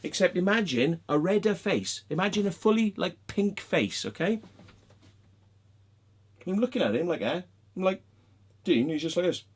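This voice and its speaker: Male vlogger, heated sweary rant, lively up-and-down delivery, fairly high voice. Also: normal speed, pauses often, breathy edge. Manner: sweary, heated, mocking, acts out quoted people. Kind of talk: angry rant to camera.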